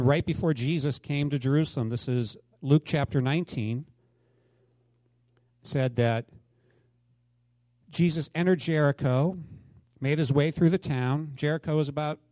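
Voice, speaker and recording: A man in his fifties preaching a sermon, telling stories dramatically and swinging between loud exclamations and hushed asides. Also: medium pitch, no echo. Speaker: pastor.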